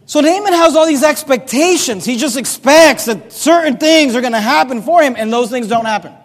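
A male pastor with a strikingly high voice preaches a sermon, walking through the text in a chatty manner and breaking off for humorous asides. His words ring out with a long reverb from the church around him. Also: animated, normal speed.

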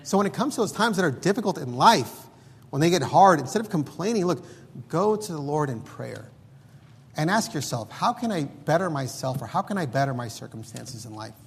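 A man's voice: a little high, big pitch swings, a little fast, husky, long reverb tail. A man preaching an earnest sermon, his volume swelling and dropping as he exhorts the congregation. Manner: earnest preaching, rising and falling loudness.

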